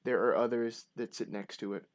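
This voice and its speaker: Man, game master, horror tabletop narration, halting delivery. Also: medium pitch, fairly even intonation. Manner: narrates with many fillers and restarts.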